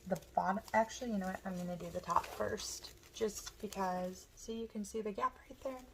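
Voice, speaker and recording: A woman with a hoarse voice, casually explaining step by step how she makes a wreath as she works. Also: medium pitch, fairly even intonation, brisk, a little hiss or hum, low-quality recording. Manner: chatty, talks while working with her hands. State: hoarse, losing her voice. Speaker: craft tutorial host. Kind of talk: step-by-step crafting instruction.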